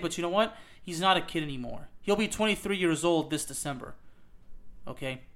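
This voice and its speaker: On his soccer podcast, this host rants hard about his opinions in a high-pitched, fairly bright voice. Expect plenty of "okay?" and "you know what?" along with some cursing.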